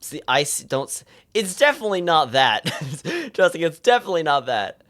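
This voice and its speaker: A young man live-streaming, chatting loosely to his viewers with a lively, bouncing pitch. he rambles, restarts mid-sentence and stammers over his words as he thinks aloud. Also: normal speed. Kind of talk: casual live-stream chat.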